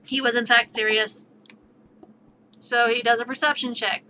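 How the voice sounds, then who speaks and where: A woman with a high, bright voice tells a story on her live stream, animated and tripping over her words. The stream audio is dull and lo-fi, with a faint hiss behind her. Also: normal speed, long pauses. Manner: animated, stammering, excited retelling.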